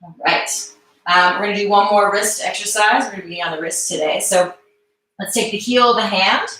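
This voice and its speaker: Woman instructor calling out breath cues slow and calm, sounds far from the mic, lots of room echo. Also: mid-range voice. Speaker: mobility instructor. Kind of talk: live online movement class.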